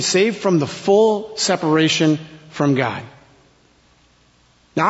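A man preaching a sermon in a slow, dramatic way, his voice dropping to a hush at key words. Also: a little high. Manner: slow, dramatic delivery with sudden soft drops. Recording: long hall reverb, dull lo-fi sound.

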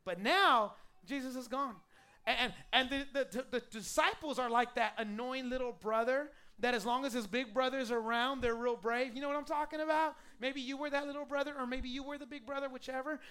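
Preacher, high-pitched, bright and forceful, call-and-response sermon, stammered repeated starts, church congregation. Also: fairly quick, clear, resonant tone. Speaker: pastor. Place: church service before a congregation.

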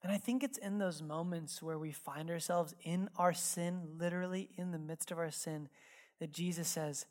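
A woman delivers a sermon like a heart-to-heart, chatty and frank, with plenty of fillers and asides. Her delivery climbs into lively, emphatic stretches, then drops to quiet, hushed reflection. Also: lowish voice, moderate pace. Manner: conversational, candid storytelling with many fillers. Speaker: pastor.

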